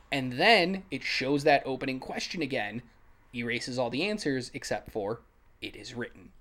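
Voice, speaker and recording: An excitable podcast co-host talks about a film in a loose, rambling way and breaks into laughter often. The voice sits at an ordinary middle pitch. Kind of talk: casual film-review chat.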